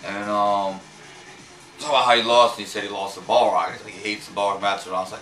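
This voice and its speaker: Hesitant man, bright voice in a roomy space. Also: on the low side, level tone, fast talker. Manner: hesitant, repeats words, swears casually. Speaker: fighting-game player recapping a tournament. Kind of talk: casual rambling recap. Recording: roomy, far from mic, faint music.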